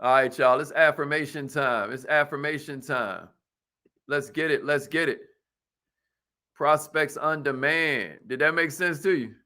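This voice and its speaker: A man's voice: fairly high pitch, moderate pace. A man hosting a live sales coaching class, chanting catchphrases over and over, calling out viewers by name and leading them in affirmations. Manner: energetic, repetitive, calls out viewers by name and leads affirmations.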